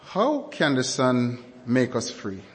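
Slow, emphatic preacher man in an echoing hall. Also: mid-range voice, very animated. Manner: slow, deliberate, repeats key words for emphasis. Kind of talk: sermon.

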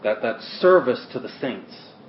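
A male preacher delivers a sermon with a lively, rising and falling pitch, punching key words and then dropping to near-murmurs. He sits at a middle pitch for a man. The recording is roomy and echoey, a little dull and lo-fi, with a faint hiss underneath. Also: a little slow. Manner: emphatic, swings between loud stresses and quiet asides.

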